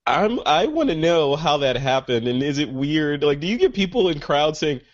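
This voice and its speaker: A man's voice: fairly high pitch, big pitch swings, moderate pace, dry recording, highs cut off. A man hosting a casual interview podcast, jokey and rambling, often restarting his sentences. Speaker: podcast host.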